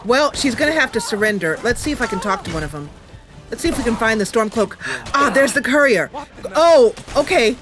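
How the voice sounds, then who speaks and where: A woman's voice: a little high, brisk, over music. A woman host narrating a video game roleplay, mixing story narration with casual asides. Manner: lively narration with asides and laughter.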